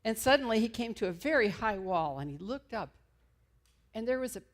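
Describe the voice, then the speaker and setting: A woman's voice: fairly high pitch, lively intonation, a little fast. A middle-aged woman minister giving an enthusiastic, conversational sermon.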